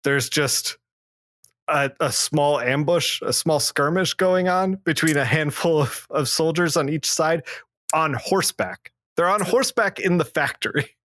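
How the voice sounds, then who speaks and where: A man's voice: measured pace, a bit bright, no room sound. A man co-hosting a podcast, casually recapping a comic book plot with lots of fillers and restarts. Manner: recaps plots loosely with many fillers and restarts; acts out character lines in a lower voice. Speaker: podcast co-host.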